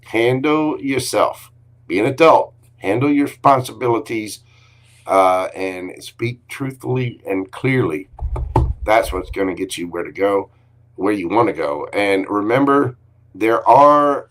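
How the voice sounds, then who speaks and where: A man giving a live tarot reading in an upbeat, encouraging way, with frequent exclamations. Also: fairly low pitch. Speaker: tarot card reader.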